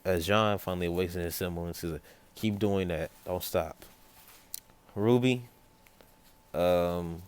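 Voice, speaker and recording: Deep-voiced man rambling through a fan story. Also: smooth. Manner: rambling, self-correcting, with quick asides to a child nearby. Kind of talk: casual spoken fan story.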